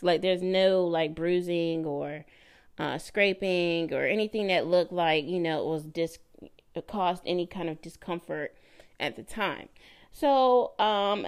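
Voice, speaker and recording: A woman with a lowish, gravelly voice tells a personal story on her podcast. She talks casually and animatedly, laughing as she goes and putting on voices for the people she quotes. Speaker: podcast host.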